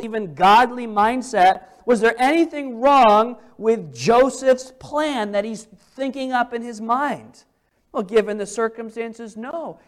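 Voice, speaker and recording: Male preacher with a high voice, expressive sermon delivery, reads scripture aloud, leans on repetition. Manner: repeats phrases for emphasis. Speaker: pastor.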